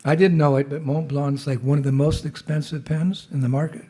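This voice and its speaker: A monk with a cold giving a humorous, conversational temple talk as guest speaker. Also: male voice, a little high, steady tone, a little fast, mellow, husky. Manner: humorous storyteller, loose and conversational. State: has a cold. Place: temple hall.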